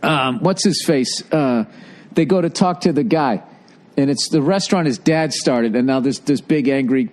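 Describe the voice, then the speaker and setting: A man chatting casually, telling a story in an animated, profane way and acting out the people in it. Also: medium pitch, moderate pace. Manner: animated, profane, acts out quotes with shouts.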